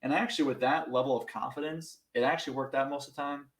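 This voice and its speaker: Young male podcast guest, casual storyteller, self-mocking, laughs often, middle pitch. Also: fast talker, echoey room, rough recording. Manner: animated, self-mocking, laughs through stories.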